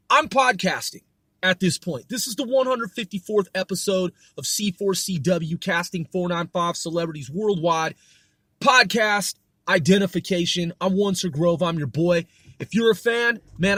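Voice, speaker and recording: A man's voice: sits high, normal speed, bright, forceful tone, no room sound. A man hosting a podcast, delivering a profane, emphatic, stern rant. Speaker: podcast host. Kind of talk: ranting podcast monologue.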